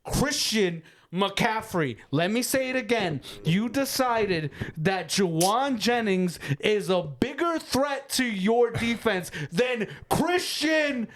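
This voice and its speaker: A man in a casual sports podcast, getting fired up and ranting, cursing as he goes. His voice sits fairly high for a man. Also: lively intonation, slow, hardly any pauses. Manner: fired-up, ranting, swears freely. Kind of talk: heated casual sports talk.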